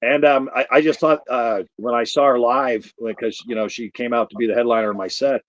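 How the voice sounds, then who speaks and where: A man hosting an online comedy class over a video call, halting speech full of ums and uhs. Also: medium pitch, steady tone, lo-fi sound. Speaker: host. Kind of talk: casual chat.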